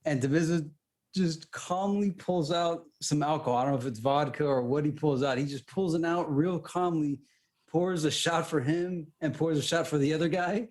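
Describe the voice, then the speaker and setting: Podcast co-host, male, slightly high pitch, lively casual storyteller. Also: moderate pace. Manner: animated storytelling, restarts often. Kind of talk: casual chat.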